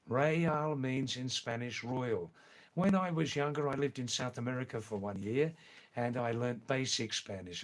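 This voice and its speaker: A man live streaming, chatting in a rambling way and answering viewers by name. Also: medium pitch.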